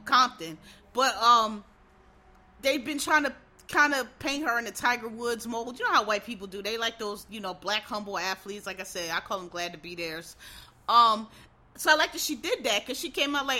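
Blunt, profane woman ranting. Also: on the high side. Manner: blunt, profane, restarts a lot, animated. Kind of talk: casual opinion rant.

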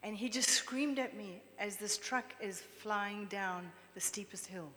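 A woman preacher giving a lively, chatty sermon, drawing the congregation in with questions. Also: medium pitch, measured pace, few pauses. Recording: long reverb with faint background noise.

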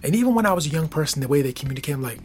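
A man's voice: on the high side, lively intonation, racing, soft background music. A man in his forties hosting a solo podcast, musing casually and thinking aloud, often tossing in "right?" and "I don't know.". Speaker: podcast host.

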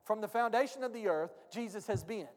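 A pastor preaching to his congregation in a very high voice. He talks in a folksy way and keeps throwing rhetorical questions at the room. His voice rings out with the long reverb of a church hall. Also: fairly quick. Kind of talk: sermon. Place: church sanctuary.

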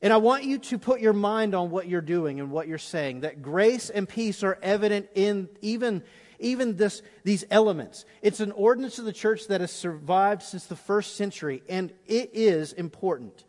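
A middle-aged pastor delivers an impassioned sermon in a high, light male voice. He swings between urgent preaching and hushed prayer. Long reverb from a big church auditorium trails after his words. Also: animated, normal speed.

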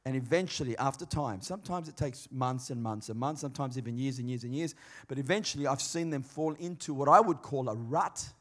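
A man preaching a sermon in a conversational, emphatic way, swinging between quiet and loud. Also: medium pitch, a little fast. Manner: conversational, emphatic, varied dynamics.

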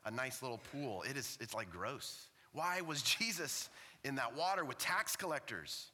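A man's voice: medium pitch, lively intonation, normal speed, bright, forceful tone, slightly rough, big-room sound. A man preaching a sermon as pastor in a church, impassioned, asking the same questions again and again.

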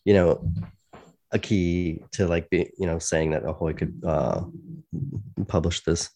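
A man, a comic book writer, chatting relaxed as a podcast guest. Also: low-pitched, a little slow. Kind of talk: casual podcast interview.

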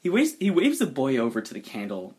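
A man narrating a tabletop role-play story, playful and animated, often laughing. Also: mid-range voice, fairly quick, husky. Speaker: game master narrating a story.

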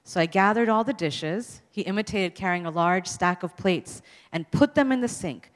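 A woman author reading her own story aloud at a public event, expressive and amused. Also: on the low side, moderate pace. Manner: expressive, amused, laughs between lines. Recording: long hall reverb.

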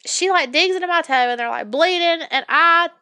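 A woman's voice: very high-pitched, moderate pace, pushed and bright. A young adult woman chatting casually, telling a long rambling story and acting out the people in it. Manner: rambling storyteller, acts out quoted people, says "anyway" often. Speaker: podcast co-host. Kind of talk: casual chat.

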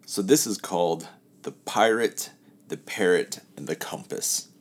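His voice sits low and moves a little slowly as this male host, in a casual talk, narrates a parable with relaxed chattiness, softly tapering the ends of his phrases.

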